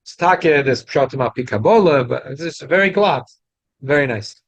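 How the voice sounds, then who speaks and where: A man's voice: mid-range voice, animated, moderate pace, no echo, lo-fi sound. A man giving a Torah class to a study group, explaining with frequent restarts and Hebrew and Yiddish terms. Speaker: rabbi teaching a study group.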